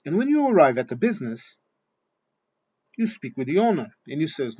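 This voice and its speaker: A man's voice: on the high side, sing-song, normal speed, darkish tone, breathy edge. Blunt, swearing man on a dull recording. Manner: blunt, swearing, repeats himself. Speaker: vlogger. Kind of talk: opinion monologue.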